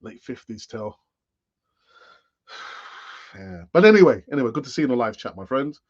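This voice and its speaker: A man's voice: medium pitch, very animated, moderate pace, muffled recording. Rambling man in his late fifties. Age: late 50s. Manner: rambling, with sighs and asides. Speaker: football fan channel host. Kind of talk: casual live-stream commentary.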